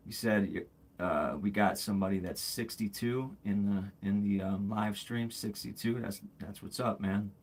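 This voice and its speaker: This forties-aged man hosts a livestream in a husky, lowish voice at a moderate pace. His talk is candid and rambling, full of fillers and restarts, and he calls viewers "bro" and "man."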